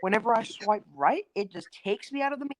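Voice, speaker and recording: A man's voice: sits high, animated, fast, a little hiss or hum, low-quality recording. Rambling young man retelling fan lore. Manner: hesitant, full of restarts and "um"s, loose and swearing. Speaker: storyteller on a stream call. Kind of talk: rambling casual story retelling. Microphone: phone on an online call.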